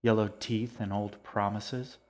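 A man's voice: fairly low pitch, flat delivery, a little slow, lightly acted. A man voicing a menacing, falsely smiling man who coaxes and threatens a boy in an audiobook reading. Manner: cold, coaxing, threatening.

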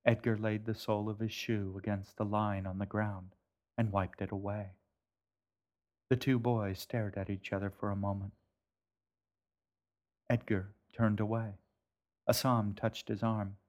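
A man, the author, narrating his own story in a gentle, measured way. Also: on the low side. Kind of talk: audiobook narration.

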